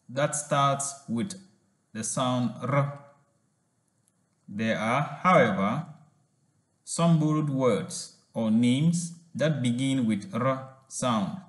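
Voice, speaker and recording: A man giving a language lesson, reading slowly and sounding out words syllable by syllable. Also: mid-range voice, echoey room. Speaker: language teacher.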